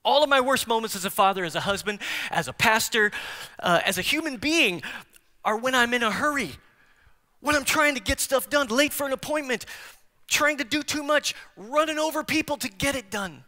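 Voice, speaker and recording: Forceful bright-voiced preaching man, hall echo. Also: extremely high pitch, lively intonation, moderate pace. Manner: emphatic preaching, swinging from loud declarations to hushed near-whispers; engages the congregation with direct questions. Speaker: pastor. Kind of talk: sermon. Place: large church sanctuary. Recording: long hall reverb from church sanctuary.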